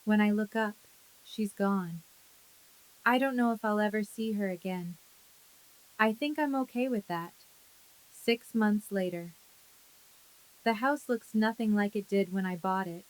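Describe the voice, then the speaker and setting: A woman reading a scripted first-person story in a calm, measured way. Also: medium pitch, rough recording. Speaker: narrator.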